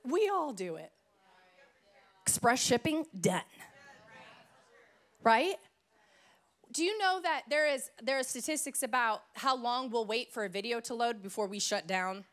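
A woman pastor from Idaho preaches in church with a playful, storytelling manner. Her voice sits fairly high and moves around a lot as she teases and laughs with the congregation. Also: expressive, unhurried, long pauses. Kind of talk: sermon.

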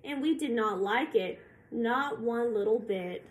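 A woman reading a picture book aloud to children, slow and expressive, pausing to ask her listeners questions. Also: a little high. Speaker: storybook reader.

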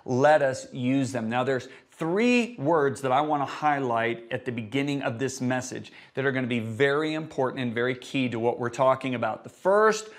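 A man's voice: medium pitch, expressive, normal speed, hardly any pauses. A male preacher giving a sermon, telling a personal story and acting out the conversations in it.

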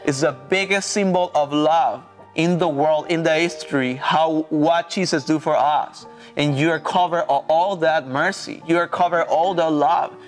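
A pastor from Mexico telling his testimony in halting, earnest English with a Mexican Spanish accent. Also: fairly high pitch, fairly even intonation, faint music behind. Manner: earnest, halting non-native English with repeated restarts. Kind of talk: personal testimony in an interview.

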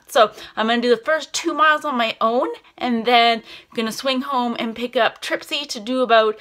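A woman's voice: on the high side, bright, forceful tone. A young woman chatting casually and upbeat in a daily vlog, laughing often. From Canada. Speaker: vlogger.

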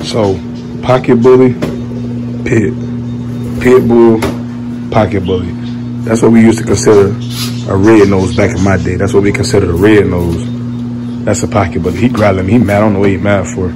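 A man's voice: on the low side, steady tone, moderate pace, pauses often, music in the background, low-quality recording. A young man casually vlogging outdoors as a dog breeder, slangy and loose, talking straight to his viewers. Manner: loose, chatty, addresses viewers directly. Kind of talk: casual slangy talk to camera.

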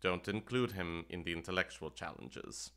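Guy doing a low quiet voice from nowhere, bossing the imp around, measured. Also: creaky, smooth, heavily acted. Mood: commanding. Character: unseen commanding master voice.

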